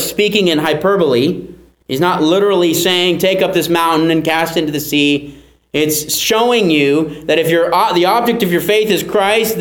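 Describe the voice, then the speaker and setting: High-voiced man preaching in an echoey room. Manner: earnest teaching, repeats key phrases for emphasis. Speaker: pastor. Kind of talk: sermon.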